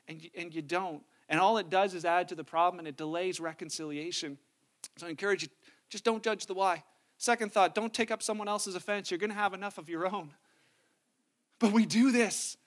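A man's voice: high voice, fairly quick. A pastor preaching a conversational sermon, acting out the people he quotes with different voices.

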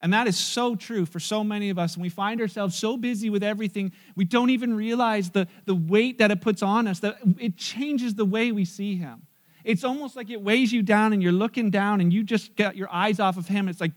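A man preaching a sermon in church, animated and joking, acting out scenes. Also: high voice, fairly quick. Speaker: pastor.

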